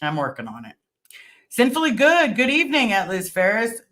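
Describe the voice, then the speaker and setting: A woman's voice: a little high, huge pitch swings, normal speed, a bit bright. A middle-aged woman hosting a casual livestream, reading viewer comments aloud and answering them in an earnest, thankful way with frequent ums. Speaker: livestream host.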